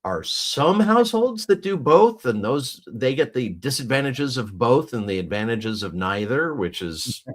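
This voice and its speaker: A man's voice: mid-range voice, big pitch swings, unhurried, few pauses. Rambling man chatting on a video call. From United States. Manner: rambling, many restarts and fillers. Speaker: podcast co-host. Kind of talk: casual chat.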